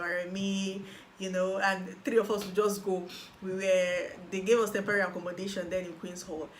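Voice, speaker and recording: A young Nigerian woman telling her personal story as a guest, animated and acting out the voices of people she quotes. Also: lowish voice, slight background noise. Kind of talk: personal testimony.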